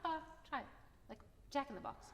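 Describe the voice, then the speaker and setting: Her voice sits high and sing-song at a moderate pace as she leads a piano masterclass, encouraging and singing phrases as examples. The recording is from an echoey concert hall, with a piano playing.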